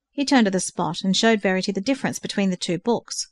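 A woman reading a story aloud in an even, clear storytelling manner. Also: medium pitch, quick pace, hardly any pauses, no room sound. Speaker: narrator. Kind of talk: audiobook narration.

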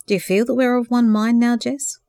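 A woman voicing a gentle, tender young man who speaks warmly and asks curious questions. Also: a little high, fairly even intonation, fairly quick, dry recording, clean studio sound, voice pushed up, natural voice.

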